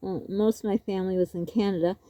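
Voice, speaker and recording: Rambling, laughing woman with a mellow voice. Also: medium pitch, fairly even intonation, quick pace, no room sound. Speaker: vlogger. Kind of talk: casual storytelling.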